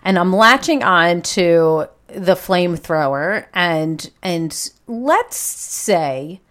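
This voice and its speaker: A woman's voice: fairly low pitch, expressive, drawn-out words, fairly bright tone. A woman hosting a parenting podcast, asking questions in a chatty, enthusiastic way with self-deprecating asides. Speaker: podcast host. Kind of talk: podcast interview.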